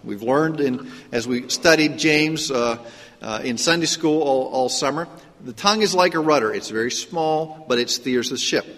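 A man's voice: mid-range voice, moderate pace, fairly bright tone, big-room sound. A man from Pittsburgh with a trace of a Pittsburgh accent, preaching a sermon as a pastor in a conversational way, full of rhetorical questions and restarts. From Pittsburgh, Pennsylvania. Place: church sanctuary.

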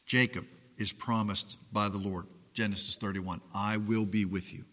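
A man preaching a sermon as pastor, earnest and pleading, often dropping to quiet emphasis. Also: lowish voice, level tone, moderate pace, long reverb tail.

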